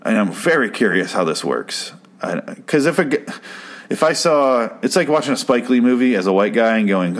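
A man's voice: mid-range voice, lively intonation, normal speed. A man giving a casual, rambling recap of a TV episode, swearing freely and sounding exasperated. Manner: profane, exasperated, rambling with restarts. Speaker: show recap host. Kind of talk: casual ranting commentary.

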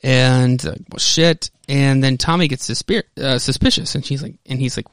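A man's voice: mid-range voice, fairly even intonation, normal speed, hardly any pauses, clear, resonant tone, no echo. A man in the middle of his range hosts a podcast, walking listeners through a comic book plot in a loose, conversational way full of fillers and self-corrections. His voice is recorded close and dry, with no room sound around it. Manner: loose retelling with many fillers and restarts. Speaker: podcast host. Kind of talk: casual comic book recap.

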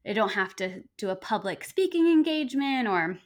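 A woman's voice: a little high, lively intonation, moderate pace. A woman acupuncturist talks as a guest on a podcast. She explains her practice with enthusiasm and rambles a little, with plenty of fillers along the way. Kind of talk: conversational podcast interview.

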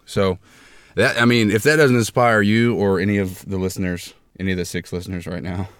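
A man's voice: sits low, steady tone, fairly quick, clean tone, dry recording. A young man hosting a homemade comedy podcast from a closet, rambling in a mock-grandiose way with lots of fillers. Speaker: podcast host.

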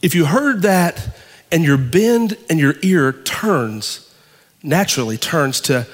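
A male pastor preaching a sermon, with dramatic pauses and swings from loud to hushed. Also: on the high side, expressive, long reverb tail.

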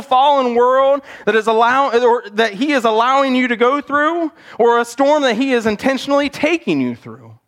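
A man preaching a sermon as pastor, earnest, sometimes acting out scenes with animated quoted voices, in a church sanctuary. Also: high-pitched.

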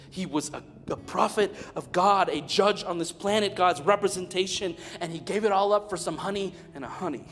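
A man in his thirties preaches a sermon in a large church hall, his voice fairly high for a man. He swings from loud, emphatic lines to hushed near-whispers and tells stories with humor. A long reverb hangs on every word, and a soft guitar plays underneath. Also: moderate pace, hardly any pauses. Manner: storytelling with humor. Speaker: pastor.

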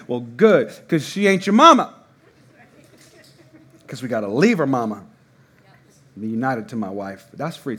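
A man in his thirties preaching a sermon in a church, casual and conversational with sudden loud bursts. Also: fairly high pitch. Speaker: pastor. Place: church hall before a congregation.

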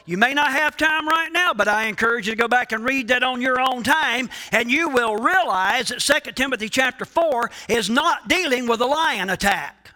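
A man preaching a sermon as pastor, emphatic, with rhetorical questions, asides and pauses for emphasis. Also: very high-pitched, sharp tone.

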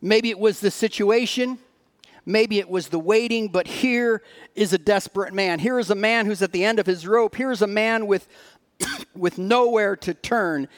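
A pastor preaching to his congregation in a strikingly high voice. He reads scripture with earnest, dramatic pauses and draws listeners in with direct rhetorical questions. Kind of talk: sermon.

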